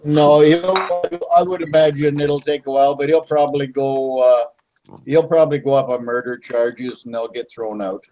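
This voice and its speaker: A man's voice: mid-range voice, steady tone, moderate pace, dark tone, poor audio. Livestream host, male, jokey, reads the chat, faint noise in the background. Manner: joking, reads chat comments aloud. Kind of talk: casual group chat on a livestream.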